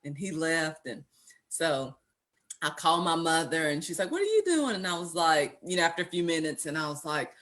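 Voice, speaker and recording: A woman's voice: low-pitched, moderate pace. A woman being interviewed with her husband, telling a family story and acting out the voices of the people in it. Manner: animated storyteller who quotes herself and others. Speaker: interview guest, wife. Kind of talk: conversational storytelling.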